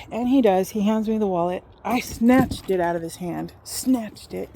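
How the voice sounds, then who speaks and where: A woman in her fifties casually telling a personal story, animated and acting out what people said. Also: medium pitch, normal speed, few pauses, a little hiss or hum. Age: 50s.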